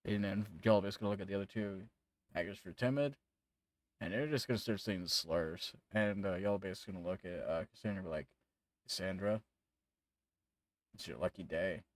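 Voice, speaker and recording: A man's voice: low-pitched, fairly quick, no room sound. A man narrating as game master in a tabletop game, casual and rambling, swearing freely.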